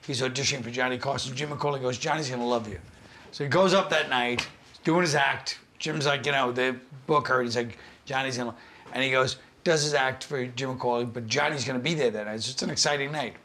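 Animated storytelling man, bright voice. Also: medium pitch, brisk, slight background noise. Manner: animated storyteller who acts out the people in his stories. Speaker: comedian guest. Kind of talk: casual chat, storytelling.

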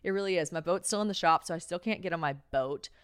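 Woman podcast host, young adult, tired, chatty and profane, low-ish voice, crisp and dry. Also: quick pace, dry recording. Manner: chatty, profane, storytelling with lots of fillers. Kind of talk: solo podcast chat.

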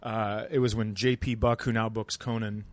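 A man's voice: lowish voice, level tone, normal speed, no room sound. A man casually telling a long anecdote in a laid-back, dry way, as a podcast guest. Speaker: stand-up comedian guest. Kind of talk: casual storytelling.

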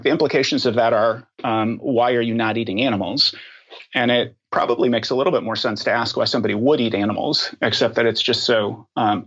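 A man answering questions as a podcast guest, talking thoughtfully and pausing often with ums and restarts. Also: medium pitch, fairly bright tone, breathy edge, highs cut off. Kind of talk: conversational interview answers.

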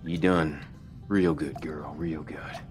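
A man doing a gruff, soft-spoken tough guy. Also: rumbling low, fairly even intonation, takes it slowly, faint music behind. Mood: tender.

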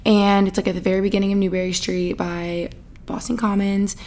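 A woman's voice: medium pitch, little pitch movement, a little fast, a little mellow. A young woman hosting a podcast, chatting casually in a bubbly, rambling way, full of "like" and little laughs. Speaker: podcast host. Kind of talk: casual chat.

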